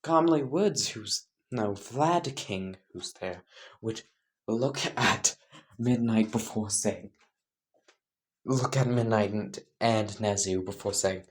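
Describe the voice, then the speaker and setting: A woman's voice: very deep voice, slow. A woman casually narrating a made-up fan story, rambling, correcting herself and laughing at her own jokes.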